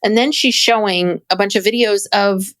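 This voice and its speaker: A woman co-hosting a podcast in casual chat, animated and laughing as she jumps between topics. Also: medium pitch, moderate pace, no echo. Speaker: podcast co-host.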